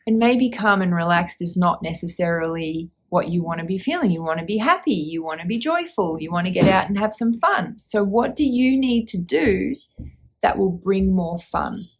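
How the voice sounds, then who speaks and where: A woman hosting a reflective podcast, gently asking the listener questions and guiding a check-in. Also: mid-range voice, lively intonation, normal speed. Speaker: podcast host.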